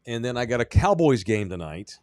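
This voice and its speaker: A man's voice: medium pitch, very animated, brisk, a little mellow, dry recording, studio quality. A man hosting a sports podcast, chatting casually and rambling in a self-deprecating way. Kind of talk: casual chat.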